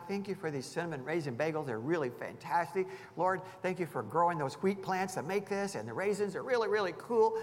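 Middle-aged pastor guy preaching, pretty high voice, earnest and folksy, big church echo. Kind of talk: sermon. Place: church sanctuary. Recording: long reverb of a large church hall.

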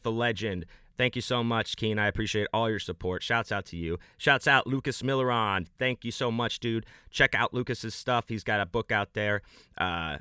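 A man hosting a podcast, giving loose, rambling, enthusiastic shout-outs to supporters in casual talk. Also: fairly low pitch, no echo, studio quality. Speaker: podcast host.

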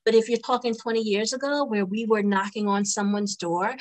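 A woman who is an attorney, speaking as a podcast guest in an expressive, emphatic way and laughing as she talks. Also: mid-range voice, brisk. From United States. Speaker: attorney and business owner, guest. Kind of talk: casual interview chat.

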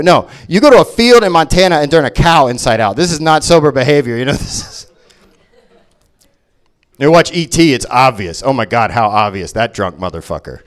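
A man's voice: mid-range voice, expressive, brisk. A man doing a stand-up comedy set, ranting sarcastically with lots of swearing. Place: comedy venue.

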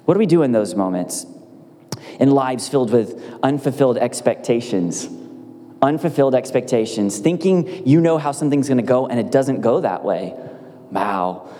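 Playful pastor preaching in a long hall. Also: male voice, mid-range voice. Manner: lively storytelling with playful asides. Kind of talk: sermon. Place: church.

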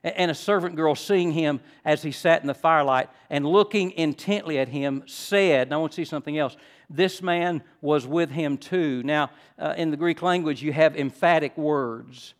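Older preacher with a slightly high voice. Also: male voice, moderate pace. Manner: teaching, building to loud emphatic stresses. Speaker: pastor. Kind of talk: sermon.

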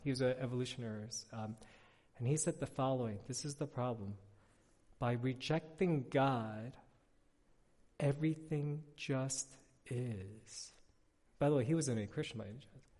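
A man's voice: medium pitch, normal speed. Male pastor, mid-range voice, chatty storyteller's sermon, long hall echo. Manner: casual, animated storytelling with frequent filler words. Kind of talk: conversational sermon.

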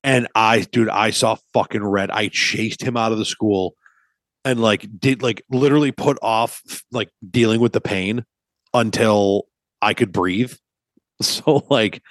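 Low-voiced man telling profane stories. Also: unhurried, no room sound. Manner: profane, animated storytelling. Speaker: podcast co-host. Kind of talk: casual podcast chat.

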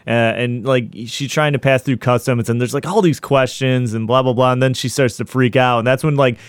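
A man's voice: medium pitch, steady tone, brisk, clear, resonant tone, no echo. A man casually recapping a film in a podcast chat, rambling with lots of fillers.

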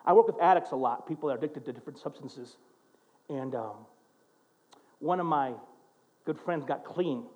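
A man preaching a sermon as a pastor, telling stories and acting out quotes in an animated way. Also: on the high side, normal speed, pauses often, muffled recording. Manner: animated, storytelling with acted-out quotes.

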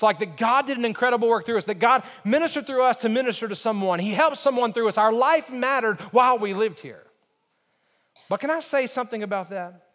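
A male pastor delivers a sermon in a high voice. He uses emphatic, repeated phrases that rise in force and then fall soft. His voice rings through a church sanctuary with a long reverb trail. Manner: emphatic, repetitive preaching cadence with rising build-ups and quiet drops.

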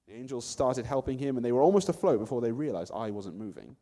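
A man narrating a first-person story in an expressive way. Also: medium pitch, fast talker, long reverb tail.

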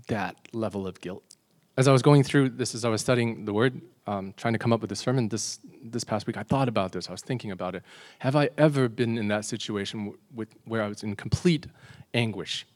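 A man preaching a sermon in a confessional way, asking the congregation rhetorical questions and slowing down and dropping his voice on solemn points. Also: lowish voice.

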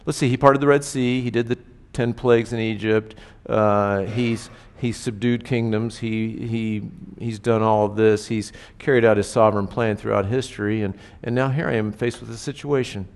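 A man's voice: fairly low pitch, fairly even intonation, normal speed, few pauses. A man preaching a sermon in a conversational way, often asking his listeners rhetorical questions. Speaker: pastor. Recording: reverberant hall.

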